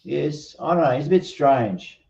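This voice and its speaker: A man's voice: on the high side, animated, moderate pace, gravelly, warm tone, highs cut off. A man on a live panel chat, bluntly scolding and often trailing off mid-sentence. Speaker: panel guest.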